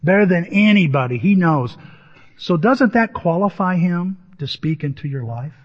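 Conversational male preacher, fairly high husky voice, reverberant room. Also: lively intonation, normal speed. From Southern Illinois, USA. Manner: conversational, asks the audience questions. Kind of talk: storytelling sermon. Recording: dull recording in a reverberant hall.

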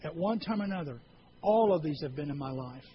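Man preaching to his church, talks to the crowd with questions, slightly high voice, hiss in the background. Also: expressive, fast, dull audio. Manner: earnest, conversational preaching with rhetorical questions. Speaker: pastor. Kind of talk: sermon.

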